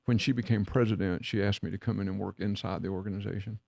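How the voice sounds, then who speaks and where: A man's voice: fairly low pitch, fairly even intonation, fast talker, gravelly, a little mellow, dry recording, clean studio sound. A man, co-hosting a podcast, telling a story in a folksy way and acting out the dialogue. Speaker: podcast co-host and leadership mentor. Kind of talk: casual storytelling chat.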